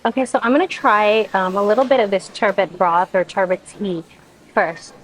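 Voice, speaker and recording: A woman's voice: mid-range voice, steady tone, normal speed, a bit bright, poor audio. Effusive woman food vlogger. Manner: effusive, exclaims often while tasting. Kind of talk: casual food review to camera.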